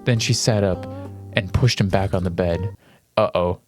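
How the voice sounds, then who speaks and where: A man's voice: sits low, normal speed, darkish tone, faint music behind. A man reading fanfiction aloud in a dramatic style, breaking off for amused, flustered asides. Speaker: reader.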